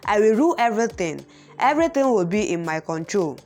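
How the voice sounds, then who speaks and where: Lively woman narrating a recap. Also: medium pitch, a little fast, soft background music.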